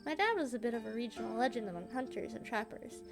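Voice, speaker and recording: Brief: woman reading a chipper, down-to-earth young woman, high voice, over game music. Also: fast, creaky. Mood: fond. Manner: cheerful, folksy, matter-of-fact. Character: friendly young woman living alone with her old dog.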